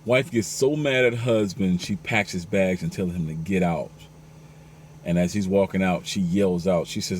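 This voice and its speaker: A man's voice: normal speed, a little hiss or hum. A man telling a string of husband-and-wife jokes one after another and acting out each character's lines. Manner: acts out the jokes' characters, going up to a high pitch for the wives. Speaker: joke teller.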